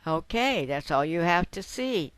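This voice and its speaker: A woman's voice: lowish voice, expressive, measured pace, smooth, no room sound. A woman giving a piano lesson, patiently explaining step by step and counting notes aloud. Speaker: piano teacher. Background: piano notes played between phrases.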